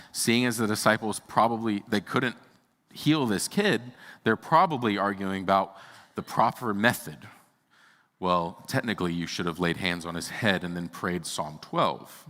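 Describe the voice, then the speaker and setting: Bright-voiced pastor preaching in a hall. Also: male voice, medium pitch. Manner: animated, voice jumps up when acting out quoted speech. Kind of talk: sermon. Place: church sanctuary. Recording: long reverb of a church hall.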